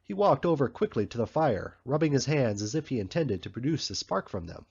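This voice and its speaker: A man narrating an audiobook in a measured, even storytelling manner. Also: medium pitch, breathy edge. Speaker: audiobook reader. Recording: slightly muffled recording.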